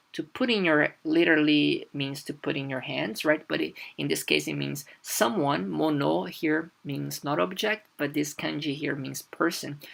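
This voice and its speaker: A woman's voice: low voice, gravelly, a bit bright. A woman teaching Japanese in a casual, chatty way, full of fillers and asking "right?" often. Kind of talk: casual language lesson.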